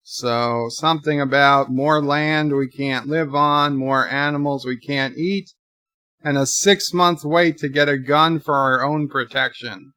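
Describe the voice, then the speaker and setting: Man, live watch-along commentary, slow talker, dry close mic, thinking aloud. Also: mid-range voice, steady tone, bright, forceful tone, no room sound. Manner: thinking aloud, describing scenes as they play. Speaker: channel host and commentator.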